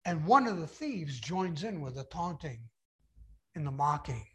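A man's voice: fairly high pitch, very animated, a little slow, fairly bright tone. A man preaching a sermon, retelling a Bible story with dramatic emphasis and acting out the voices.

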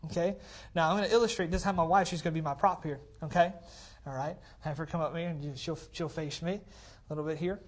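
A man's voice: on the high side, a little fast. Brief: male pastor, conversational sermon in a church, cordless mic, emphatic repetition, frequent "okay? all right?". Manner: repeats phrases for emphasis. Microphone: cordless handheld mic.

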